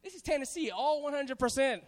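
A man from Hawaii preaching a sermon to a congregation, animated and playful, calling on the crowd to answer back. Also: very high-pitched, brisk. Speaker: pastor. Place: church hall. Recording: hall reverb.

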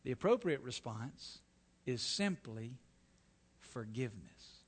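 A male pastor preaching a sermon, swinging from quiet, drawn-out phrases to loud, stressed words. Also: mid-range voice, expressive, breathy edge. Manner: dramatic, swings from soft to loud emphasis.

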